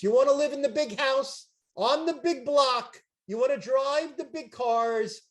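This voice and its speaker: An older man, making an emphatic, repetitive, jokey sales pitch on a video call as a chiropractic seminar promoter. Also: measured pace, hardly any pauses. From Brooklyn, New York.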